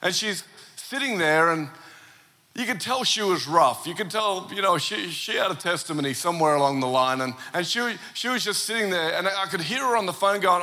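An Australian man preaching a lively sermon, telling a story with asides and humor. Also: high voice, brisk. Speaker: pastor. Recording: long church hall reverb.

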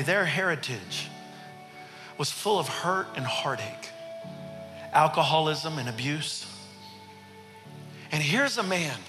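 A man's voice: a little high, pushed and bright. A male pastor telling a story in a sermon, building dramatic intensity. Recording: reverberant hall with faint music.

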